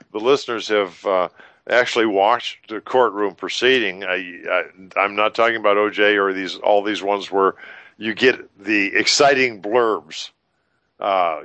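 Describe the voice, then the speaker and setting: A man talking on a radio show in a measured, folksy, plainspoken way. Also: fairly low pitch, sharp tone, dry recording. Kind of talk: talk radio discussion.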